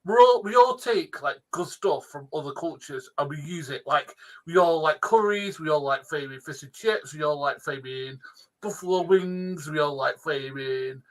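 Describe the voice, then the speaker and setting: A man's voice: on the high side, normal speed. A man co-hosting a podcast, ranting in a sweary way and checking in with "right?" as he talks. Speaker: podcast co-host. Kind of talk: casual podcast banter.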